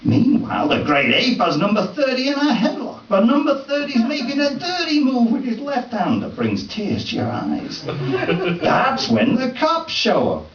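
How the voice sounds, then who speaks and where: A man reading his own comic story aloud at a live event, in a wry, deadpan first-person voice with folksy dialect. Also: extremely high pitch, unhurried, a little hiss or hum. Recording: distant, roomy, dull live recording.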